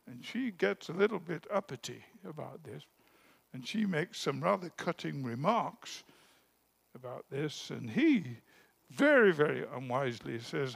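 Slow, gravelly-voiced male preacher. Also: a little high, sing-song. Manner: storytelling, drops to a hush for anecdotes then rises with emphasis. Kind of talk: sermon.

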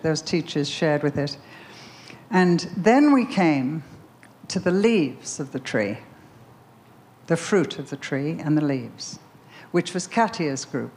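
A woman's voice: deep voice, animated, measured pace, darkish tone, slight background noise. A woman preaching a sermon, telling a story with emphatic repetition before leading a prayer. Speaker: speaker at a Bible conference.

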